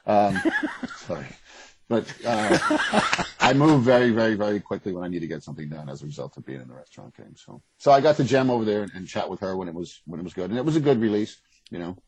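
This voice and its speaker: A middle-aged man with a very low, husky voice talks fast and frankly as an interview guest. He rambles, restarts his sentences and speaks bluntly. The sound is dry and close. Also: lively intonation, a little mellow, no echo, low-quality recording. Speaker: guest, author. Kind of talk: casual interview conversation.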